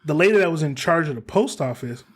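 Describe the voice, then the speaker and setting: A man's voice: on the high side, animated, fast, breathy edge. Heated, profane male podcast host. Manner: heated storytelling, swears freely. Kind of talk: casual podcast chat.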